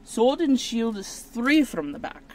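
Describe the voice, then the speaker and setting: A woman chatting casually as she opens trading cards on camera, rambling and mocking herself, with sudden high excited squeals. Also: a little slow, slight background noise. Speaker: channel host. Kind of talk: casual card-opening video.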